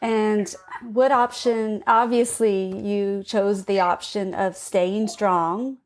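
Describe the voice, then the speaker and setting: A woman hosting a podcast interview, speaking gently and sympathetically. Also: medium pitch, fairly even intonation, slow. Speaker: podcast host.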